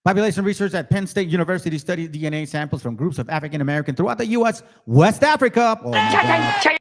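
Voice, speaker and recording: A man's voice: fairly high pitch, expressive, very fast. A man hosting his own channel, delivering combative religious commentary, mocking and confronting viewers directly and reading passages aloud between remarks. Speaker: channel host.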